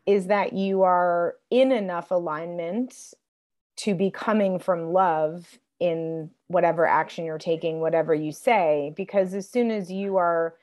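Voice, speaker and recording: A woman in her forties, a guest on a podcast, talking reflectively and softly with frequent pauses. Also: on the low side. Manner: reflective, soft-spoken, many fillers. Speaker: guest, TV writer and producer. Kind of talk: casual conversation.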